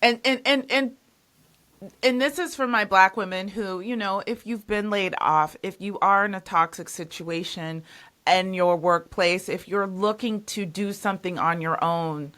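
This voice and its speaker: Podcast host, woman. Bright, forceful tone, emphatic and conversational. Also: mid-range voice, unhurried. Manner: emphatic, repeats herself when stressing a point. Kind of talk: casual interview chat.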